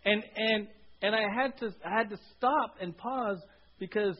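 A man with a high, husky voice preaches to his congregation, often pausing to ask them questions and answering himself. The audio is dull and lo-fi. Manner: asks the congregation rhetorical questions. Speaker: pastor. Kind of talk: sermon.

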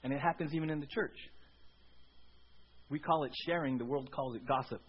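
Male pastor, high and husky, conversational sermon with lots of "right?", dull lo-fi recording. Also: a little fast. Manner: conversational, frequent "right?" asides to the congregation.

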